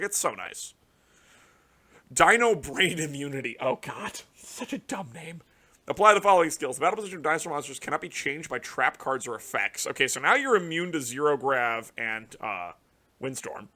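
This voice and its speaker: Speaking at a moderate pace in a fairly high voice, a man hosts a card game channel and responds to new cards. The commentary is casual and full of profanity, swinging from muttered remarks to loud, excited shouting.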